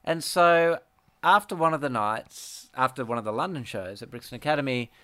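A middle-aged man with a smooth, resonant voice, talking in a dry, close-up sound. He rambles through his stories and keeps restarting his sentences. He laughs easily as he chats. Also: medium pitch, expressive, normal speed, fairly bright tone, no echo. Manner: rambling storyteller, laughs often, many restarts. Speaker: podcast co-host, musician. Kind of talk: casual chat.

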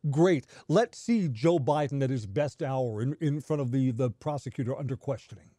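A man's voice: mid-range voice, animated, moderate pace, dark tone, no echo, clean studio sound. A man co-hosting a morning political talk radio show, making emphatic, sarcastic points.

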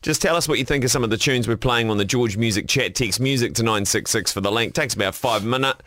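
A man hosting a breakfast radio show, jokey and quick to laugh. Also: mid-range voice, a bit bright, dry recording, studio quality. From New Zealand. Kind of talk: casual radio banter.

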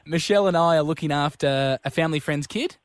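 A man's voice: on the high side, quick pace, smooth, dry recording. A man hosting a radio show, chatting and making a cheeky prank call. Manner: chatty, mock-innocent when pranking. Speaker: radio host. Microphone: studio microphone.

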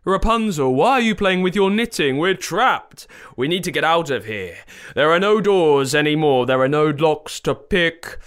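A man's voice: mid-range voice, big pitch swings, a little slow, pushed and bright. A man doing an earnest, fretful prince. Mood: panicked.

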